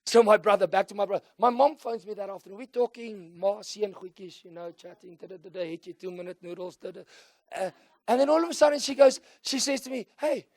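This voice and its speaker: A middle-aged man with a South African accent preaching a sermon, moving between quiet storytelling and loud call-and-response shouts. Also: sits high, a little fast, no room sound, clean studio sound. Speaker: pastor.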